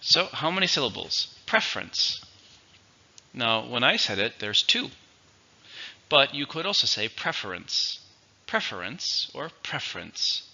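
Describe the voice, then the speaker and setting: Man slowly teaching vocabulary, bright tone. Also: mid-range voice, big pitch swings. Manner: slow, clear, instructive delivery. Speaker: English teacher. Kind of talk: vocabulary lesson. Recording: dull, lo-fi recording.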